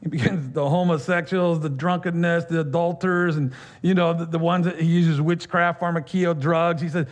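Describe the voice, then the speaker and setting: A man preaching a sermon as pastor, talking conversationally with laughs, fillers and quick asides. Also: a little high, steady tone.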